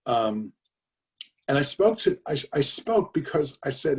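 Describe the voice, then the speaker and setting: Far from the mic, an older man with a mid-range voice tells his father's story over a video call. He is very animated yet keeps a measured pace, speaking conversationally with fillers and emphatic repetitions.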